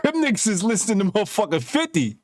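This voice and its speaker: A man co-hosting a casual podcast, talking in a profane, animated storytelling way. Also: high-pitched, fast, no echo. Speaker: podcast co-host.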